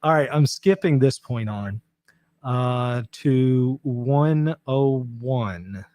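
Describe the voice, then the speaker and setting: A man's voice: mid-range voice, very slow, mellow, no room sound. A man hosting a podcast, talking casually and earnestly about clips he is reviewing, with frequent fillers and restarts. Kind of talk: casual commentary.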